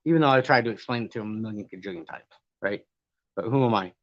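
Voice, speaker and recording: A man with a lowish voice talks at a quick pace with no echo, doing casual live-stream commentary as he reads chat. He rambles and argues in reply, cursing now and then, and the audio comes across dull and lo-fi.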